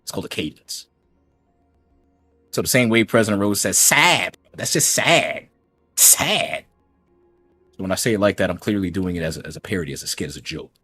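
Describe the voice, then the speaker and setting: A man's voice: deep voice, fairly even intonation, fast, husky, dry recording, faint music behind. A man ranting on his gaming channel in a mocking, combative way as he reacts to a critic's clip. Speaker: YouTube gaming commentator. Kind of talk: reaction rant.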